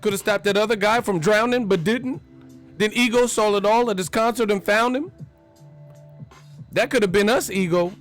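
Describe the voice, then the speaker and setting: An obsessed, clingy fan begs for attention in a whiny, pleading singsong, as a man puts him on. The voice is pushed well above a normal speaking pitch. It sounds like a mocking bit inside a casual vlog. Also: normal speed, long pauses, soft background music, lightly acted.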